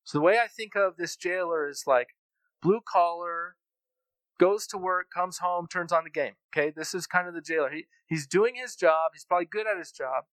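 A man preaching a sermon, his voice a touch higher than most men's. He talks in a loose, conversational way, breaking from scripture into casual asides. The sound is dry and close. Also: moderate pace, a bit bright, dry recording, rough recording. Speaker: pastor.

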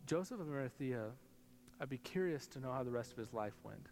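This pastor, a man in his thirties, talks fast with lively intonation and a slightly mellow voice, faint music behind him. His sermon is conversational family storytelling, with pitch jumps for quotes, echoing with long hall reverb in a church sanctuary.

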